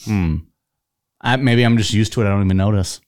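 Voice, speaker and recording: A man's voice: fairly low pitch, steady tone, fairly quick, darkish tone. A man with a southern Ohio accent co-hosting a podcast, rambling and laughing often in casual banter. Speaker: podcast co-host.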